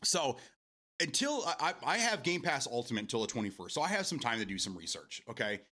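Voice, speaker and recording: Male streamer, loose chatty delivery with frequent laughter and cursing; bright, forceful tone with lively pitch. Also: fairly quick. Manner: laughs often, swears freely, talks to chat. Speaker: game streamer. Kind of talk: casual live-stream chat.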